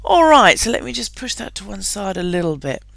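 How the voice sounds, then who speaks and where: A woman's voice: medium pitch, very animated, a little fast, gravelly, fairly bright tone, no echo. A woman hosting a live online webinar. She talks in an upbeat, chatty way, laughs often and uses plenty of fillers. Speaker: webinar host.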